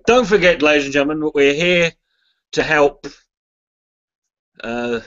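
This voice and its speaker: In a mid-range, fairly bright voice recorded with the highs cut off, a comedian talks loosely during a charity livestream. The chat wanders as he swears without restraint, jokes at his own expense and reads viewers' messages aloud.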